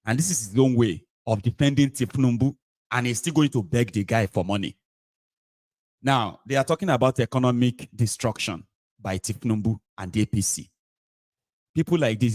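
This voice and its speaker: A man with a Nigerian accent delivers scornful political commentary at a mid pitch, recorded dry and close with no room sound. He mocks as he goes and slides between English, Pidgin and Yoruba. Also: darkish tone, dry recording. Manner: sarcastic, mocking, mixes English, Pidgin and Yoruba.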